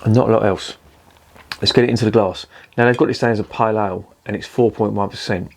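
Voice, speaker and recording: Chatty man, low voice. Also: steady tone, fast, creaky, darkish tone. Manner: chatty, jokey, swears freely. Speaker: beer reviewer, channel host. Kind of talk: casual review vlog.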